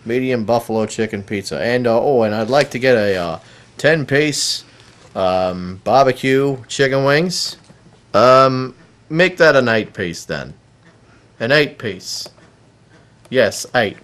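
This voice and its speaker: A man playing a clumsy fake-Australian pizza caller, halting and overly polite, with many uhs. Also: mid-range voice, expressive, a bit bright.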